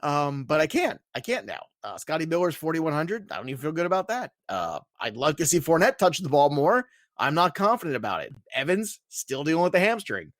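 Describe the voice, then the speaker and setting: Male podcast co-host, eager and emphatic, a touch high-pitched, dry studio sound. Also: fairly quick, no echo. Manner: excitable, emphatic, laughs often. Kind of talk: casual fantasy football chat.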